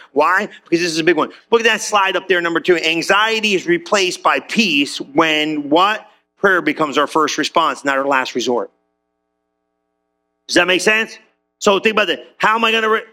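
High-voiced, bright, animated male preacher. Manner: animated, conversational, swinging between loud bursts and low drawn-out lines; acts out quick voices and jokes with the congregation. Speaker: pastor. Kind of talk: energetic sermon.

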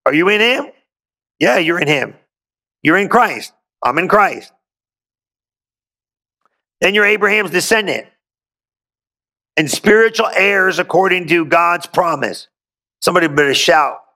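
A man's voice: high-pitched, pushed and bright. A male pastor preaching a sermon, reading scripture aloud and breaking in with exuberant call-and-response asides.

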